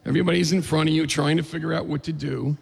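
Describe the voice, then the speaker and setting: A man voicing a male co-driver coaching him through a race, gravelly and steady. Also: on the high side, fast talker, long reverb tail, pitched above the performer's own voice, heavily acted.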